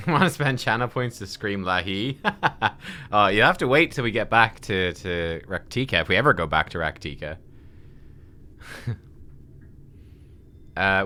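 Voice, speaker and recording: Bright, playful male game streamer. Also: on the low side. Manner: playful, reads dialogue aloud trying accents. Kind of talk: live game playthrough commentary.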